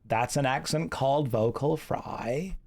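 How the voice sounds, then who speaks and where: A man doing a drawling valley girl with heavy fry. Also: mid-range voice. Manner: slow, dragged-out drawl.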